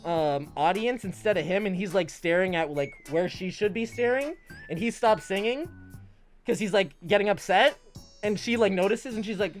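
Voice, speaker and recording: A man chatting casually to his stream audience, talking in an animated way with lots of swearing and acting out dialogue in quick bursts. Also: high-pitched, soft background music. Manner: animated, profane, acts out quoted dialogue. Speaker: livestreamer.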